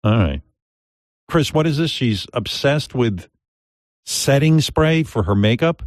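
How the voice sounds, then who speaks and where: A man's voice: medium pitch, animated, slow pace, dry recording, clean studio sound. A man hosting a radio show in comic banter, joking and mocking. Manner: joking, mocking, lots of laughter.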